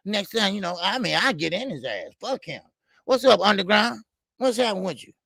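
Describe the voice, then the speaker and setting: A middle-aged boxing show host with a high, gravelly voice delivers a heated, profane rant. He repeats lines for emphasis and stops to shout out viewers in the chat. The sound is dry and close. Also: big pitch swings, a little fast, no room sound. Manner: profane, heated, repetitive ranting. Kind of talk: live stream rant reading chat.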